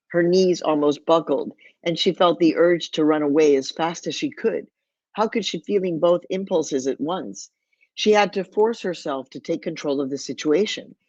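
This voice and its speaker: A woman's voice: fairly low pitch, darkish tone, dry recording. A woman from Mexico, an author, reads aloud from her memoir in a vivid storytelling manner and drops in Spanish phrases now and then. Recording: dull, lo-fi, dry.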